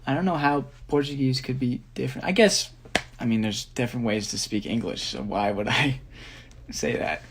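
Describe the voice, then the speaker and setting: A young man, a dancer, answering fan questions on a phone live stream, relaxed and rambling, reading each question aloud. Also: mid-range voice, normal speed, noisy background. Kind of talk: casual live-stream chat.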